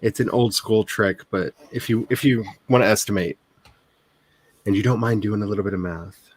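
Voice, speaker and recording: Low-voiced man chatting on a stream. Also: fairly even intonation, normal speed, breathy edge. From Ozarks, US. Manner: chatty, rambling, laughs often; speaks in a neutral stream voice, not his natural one. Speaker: author hosting a writing stream. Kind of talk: casual chat.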